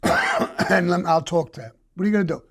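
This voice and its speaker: An older man, a guest telling a story casually, profane and animated, acting out the quoted voices. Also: sits high, fairly quick, husky.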